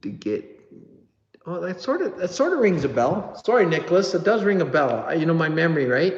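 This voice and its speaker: A man's voice: sits high, very animated, fairly quick. A man hosting a casual live stream, chatting with viewers, reading their comments aloud and joking about his own memory. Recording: dull, roomy audio with long reverb.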